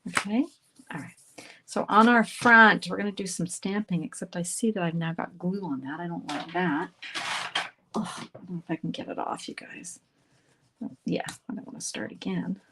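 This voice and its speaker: A woman hosting a live card-making demonstration. She chats brightly with viewers and greets them by name while she works. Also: on the low side, moderate pace, slight background noise. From Canada. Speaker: craft instructor hosting a live stream.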